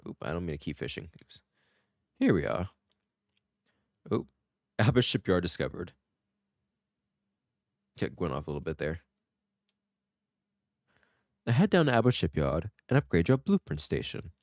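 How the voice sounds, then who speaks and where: A man's voice: deep voice, big pitch swings, normal speed, long pauses, a little mellow, no echo. A man giving rambling, self-joking let's-play commentary into a close desk mic. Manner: rambling, joking, laughs at himself. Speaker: gameplay streamer.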